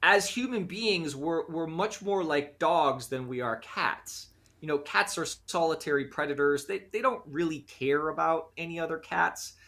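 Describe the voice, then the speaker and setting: An American man, a guest in an interview, explaining his ideas in an animated way and often acting out quoted voices. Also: on the high side, moderate pace. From United States. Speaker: guest, conflict resolution practitioner. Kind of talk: conversational interview.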